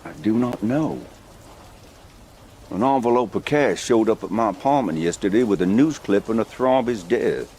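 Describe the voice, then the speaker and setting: A film clip of a man under questioning. He answers in a low, matter-of-fact voice, with faint rain ambience behind him. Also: expressive, moderate pace, darkish tone, slight background noise.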